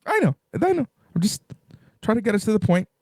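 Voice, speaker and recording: Lively-voiced male podcast co-host. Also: sits high, brisk, dry recording, studio quality. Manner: brief teasing replies, checking notes. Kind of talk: casual wrestling chat.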